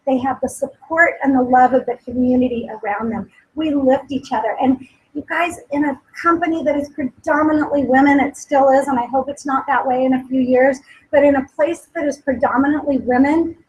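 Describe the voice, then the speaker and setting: A woman's voice: high voice, normal speed, slightly rough, highs cut off. A woman in her forties giving an earnest motivational speech at a company meeting, repeating her points with emphasis and tearful at times. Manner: earnest, emotional, emphatic repetition. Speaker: company speaker at a sales meeting.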